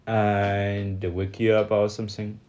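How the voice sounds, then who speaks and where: A man with a Chinese accent, a native Chinese speaker co-hosting a podcast in casual chat, halting as he searches for English words. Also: lowish voice, completely flat delivery, a little mellow, slight background noise. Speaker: podcast co-host.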